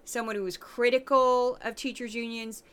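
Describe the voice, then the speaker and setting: A middle-aged woman from St. Louis hosts a news commentary podcast. Her voice sits a little high and rings bright. She talks in a sarcastic, animated way, mocking what she has just played. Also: moderate pace, clean tone. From Midwest, St. Louis. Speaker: podcast host. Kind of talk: opinionated commentary on news clips.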